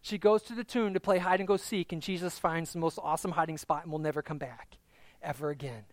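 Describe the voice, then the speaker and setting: A man's voice: fairly high pitch, fairly even intonation, fast, no echo. Jokey, conversational male pastor preaching. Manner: conversational, jokey, calls out congregants by name. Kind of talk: sermon.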